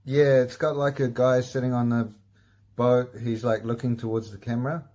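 A man's voice: mid-range voice, little pitch movement, normal speed, mellow. A man hosting a casual comedy podcast, laid-back and swearing a lot, laughing at himself. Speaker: podcast host.

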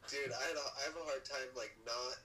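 A man's voice: medium pitch, fast talker, crowd noise, poor audio. A man chatting casually on a podcast, telling stories and slipping into jokey mock voices. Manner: jokey, breaks into mock country-bumpkin voices. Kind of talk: casual chat.

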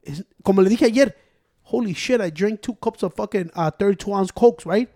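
Man, young adult, high-pitched, dry close sound, swearing, worked up. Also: a little fast, no room sound. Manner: mixes Spanish and English, swears, gets loud and worked up. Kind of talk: casual chat.

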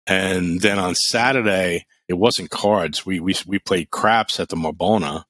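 Low-voiced man spinning stories. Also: a little slow, no echo. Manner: animated storyteller, blunt and profane. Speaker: podcast co-host. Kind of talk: casual podcast chat.

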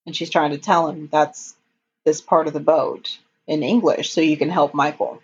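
A woman talks through a TV episode for a podcast in a low, breathy voice. She takes her time and drops frequent ums as she retells scenes. The recording sounds muffled and lo-fi. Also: steady tone, normal speed. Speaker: podcast co-host. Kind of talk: casual episode recap. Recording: dull lo-fi audio.

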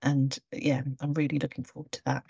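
A woman's voice: a bass voice, level tone, fairly quick, gravelly, dark tone, slightly rough, dry recording, clean studio sound. A woman from a festival team speaking on a podcast in an upbeat, encouraging way. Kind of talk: casual podcast chat.

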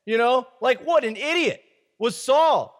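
A man with a very high voice preaches a relaxed Bible-study sermon. He reads the scripture passage, then riffs on it in loose, slangy asides. His voice rings with the long reverb of a large hall. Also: measured pace.

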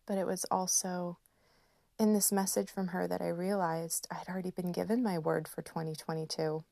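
A woman in her thirties hosting a podcast, speaking in a slow, gentle and emotional personal reflection with soft laughs. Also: lowish voice, flat delivery, creaky, dry recording, studio quality. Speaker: podcast host.

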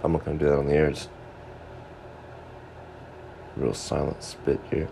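A man's voice: a bass voice, monotone, moderate pace, vocal fry, mellow. A man hosting his own podcast, rambling in a goofy, self-mocking solo monologue over a noisy background. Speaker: podcast host.

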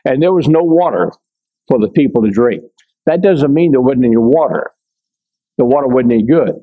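An older man giving a conversational Bible lesson, reading scripture aloud and breaking off to explain it, with frequent pauses and check-ins with his listeners. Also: mid-range voice, expressive, narrow, tinny audio. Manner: many fillers and restarts, checks in with listeners. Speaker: Bible teacher.

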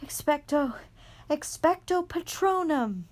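A woman voicing a desperate teenage boy wizard, yelling and pleading. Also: high voice, animated, unhurried, pitched above the performer's own voice.

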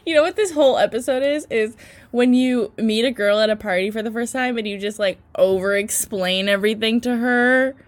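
A woman's voice: a little high, fairly quick. A young woman co-hosting a podcast in casual chat, laughing often and self-deprecating. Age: young adult. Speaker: podcast co-host.

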